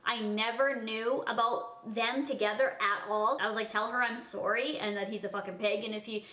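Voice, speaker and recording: Young woman gossiping a story to camera, says like a lot, kinda high voice, echoey room. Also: fairly even intonation, moderate pace, pushed and bright. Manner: chatty, heavy use of "like", acts out dialogue. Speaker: vlogger telling a personal story. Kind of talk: casual storytime chat.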